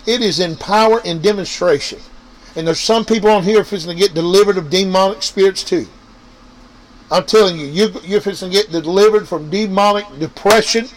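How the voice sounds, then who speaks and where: A man's voice: high voice, poor audio. A man preaching an informal sermon, repeating his points and talking straight to his listeners. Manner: preachy, repetitive, addresses listeners directly. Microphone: online radio or podcast mic.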